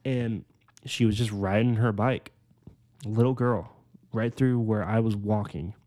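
A man in his twenties telling his personal faith testimony on a podcast, earnest and full of "like"s, slowing down on the heavy parts. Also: lowish voice, fairly even intonation. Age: 20s. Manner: earnest, filler-heavy storytelling with many "like"s; slows down and softens on emotional points. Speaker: podcast host.

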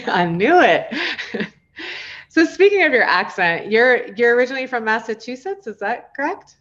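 A woman's voice: a little high, lively intonation, moderate pace, a bit bright, lo-fi sound. Bubbly woman podcast host. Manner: bubbly, laughs often. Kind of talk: podcast hosting, interview.

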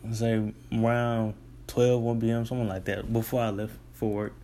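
A man's voice: mid-range voice, normal speed. Casual young man telling a story. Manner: rambling, restarts, relaxed colloquial. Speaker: delivery driver.

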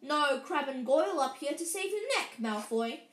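A woman's voice: a little high, very animated, unhurried. Harry, a defiant young schoolboy, read by a woman. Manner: loud, demanding. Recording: roomy echo.

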